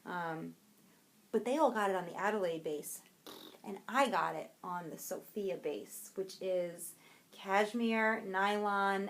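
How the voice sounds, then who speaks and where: A young adult woman co-hosting a podcast, chatting casually and excitedly about yarn she bought, rambling and breaking off her own sentences. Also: medium pitch. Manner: bubbly, rambling, self-interrupting. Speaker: podcast co-host.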